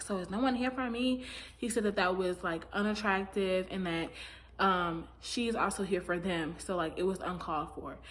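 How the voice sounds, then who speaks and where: This is a woman in a casual recap, talking freely and voicing her opinions. She leans on fillers and slips into quick impressions of the people she describes. A faint background noise sits under her voice. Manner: chatty, opinionated, acts out quotes with big pitch jumps. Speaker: recap commentator.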